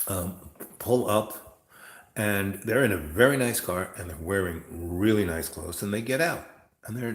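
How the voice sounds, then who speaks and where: A man's voice: on the low side, roomy sound, low-quality recording. A man hosting a rambling, chatty monologue and telling stories. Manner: chatty, storytelling, mimics others in raised voice. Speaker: host.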